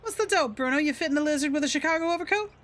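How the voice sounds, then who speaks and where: Woman playing a 1930s moll, brassy slang, high bright voice, faint music behind. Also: animated, very fast. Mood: teasing. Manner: hardboiled slang, breezy and brassy. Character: sassy 1930s gangster moll, young woman.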